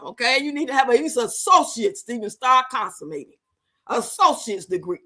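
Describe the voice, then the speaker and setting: Young woman streamer, high bright voice, loud, profane, teasing chat host. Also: big pitch swings, normal speed. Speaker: livestream host. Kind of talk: casual live-stream chat reacting to a reality show.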